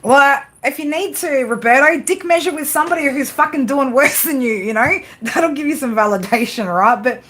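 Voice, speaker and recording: Blunt, swearing woman streamer, rather high voice. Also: normal speed, few pauses, fairly bright tone. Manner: blunt, swears constantly, frequent tag questions. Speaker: tarot reader and livestream host. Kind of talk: casual livestream pep talk.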